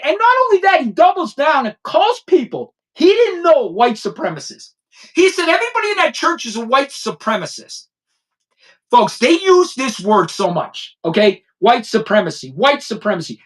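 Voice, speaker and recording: A man's voice: very high voice, a bit bright. A middle-aged man and former detective hosting a podcast, ranting emphatically and combatively, and checking in with the listener again and again. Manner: emphatic, combative, keeps asking "okay?". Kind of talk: opinionated podcast rant.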